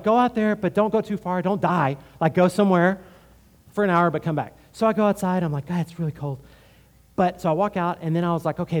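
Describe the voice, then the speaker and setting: Animated conversational man preaching. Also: on the high side. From Houston, Texas. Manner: conversational, animated, frequent "right?". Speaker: pastor. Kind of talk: sermon with personal story.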